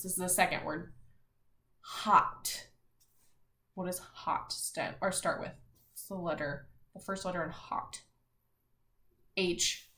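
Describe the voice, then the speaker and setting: Sounding out letters and words for young kids, a woman teacher guides a reading and spelling lesson in a clear, supportive way. Her voice sits on the low side with a fairly bright tone, and the room is reverberant.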